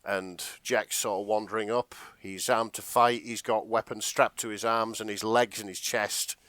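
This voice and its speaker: A man's voice: lowish voice, moderate pace, no room sound. A man co-hosting a comedy podcast, retelling a fanfic with a lot of laughter. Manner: animated, laughing often. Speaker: podcast co-host.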